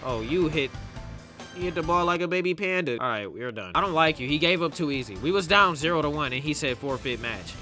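A young man streaming a game, chatting casually and yelling at his teammates. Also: a little high, expressive, fast, soft background music. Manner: trash-talking, breaks into loud yelling at teammates. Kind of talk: casual gameplay commentary.

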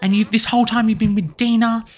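A man's voice: flat delivery, quick pace. A man voicing a heartbroken young wife in a life-sim game, crying out in disbelief. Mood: distraught. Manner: high pleading cries.

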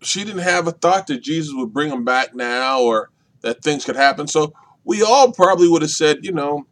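A minister leading a Bible study, talking deliberately and repeating key points for emphasis. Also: male voice, lively intonation. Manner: swings between loud emphasis and soft, low delivery.

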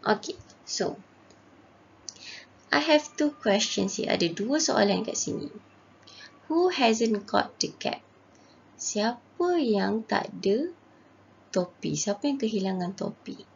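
Malaysian lady teacher going through a kids story line by line, slow, gravelly voice, kinda dull lo-fi sound. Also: fairly high pitch, expressive, slight background noise. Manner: slow, patient, translates each line and reads quotes brightly. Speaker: primary school English teacher. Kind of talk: bilingual reading lesson.

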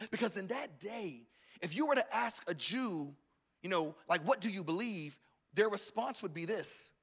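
A male pastor delivers a sermon in a church, his voice pitched high and sounding bright and forceful. He swells to emphatic peaks and calls out to the congregation as he preaches. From American South. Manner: preaching with call-outs and rising emphasis. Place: church auditorium.

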